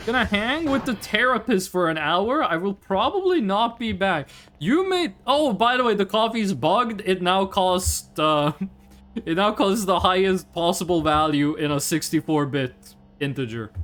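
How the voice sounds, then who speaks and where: A man's voice: high voice, sing-song, measured pace, fairly bright tone. A man in his twenties chatting casually and profanely with his chat while streaming a game. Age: 20s. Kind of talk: casual live game commentary.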